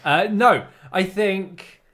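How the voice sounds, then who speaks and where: A man's voice: sits high, extremely slow, fairly bright tone. A man co-hosting a casual podcast, talking in a dry, teasing way. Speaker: podcast co-host. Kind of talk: casual chat.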